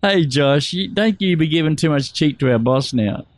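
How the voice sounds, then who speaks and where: A man's voice: a little high, animated, normal speed. A man hosting a casual radio show, teasing callers and laughing often.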